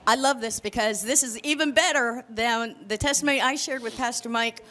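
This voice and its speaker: A woman's voice: on the high side, a little fast, a bit bright. A woman about to share a testimony in church, joyful and praising. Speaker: church member giving testimony.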